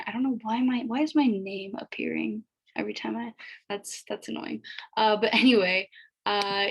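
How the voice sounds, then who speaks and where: A woman's voice: medium pitch, low-quality recording. A woman from Pakistan giving a casual video language lesson, explaining patiently and chattily with many fillers. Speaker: language teacher.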